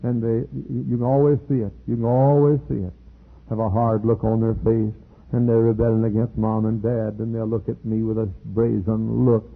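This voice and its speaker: An older man, a pastor, preaching a sermon with animated delivery and sudden leaps into high quoted voices. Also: moderate pace, creaky. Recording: tinny phone-like archive recording.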